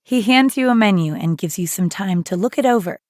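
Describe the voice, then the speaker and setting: A woman narrates an audio lesson in an upbeat, encouraging voice. Her delivery is scripted and clear. The recording is dry and close, with no room sound. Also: medium pitch, lively intonation, a little fast, a little mellow, no echo.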